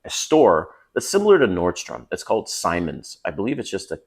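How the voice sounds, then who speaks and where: Deep-voiced emphatic man. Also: fairly quick. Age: middle-aged. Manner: animated, emphatic, keeps checking in with the listener. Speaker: dating advice vlogger. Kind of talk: casual advice monologue.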